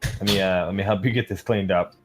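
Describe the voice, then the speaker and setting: A man voicing an awkward, quiet protector. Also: low voice, fairly even intonation, a little fast, background noise, close to an everyday voice. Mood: gentle.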